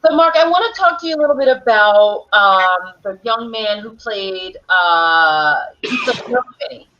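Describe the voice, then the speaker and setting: A woman's voice: medium pitch, lively intonation, unhurried, pushed and bright, a little hiss or hum. A woman hosting a live stream interview, reading out viewer comments and asking the guests questions. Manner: reads out viewer comments, chatty. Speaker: host. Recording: dull lo-fi stream audio.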